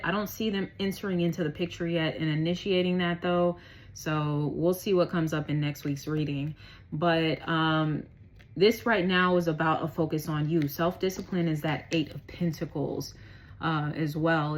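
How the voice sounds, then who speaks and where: A woman's voice: on the low side, rough recording. A woman giving a casual tarot reading, chatty, slangy and profane, laughing often. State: out of breath. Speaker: tarot reader.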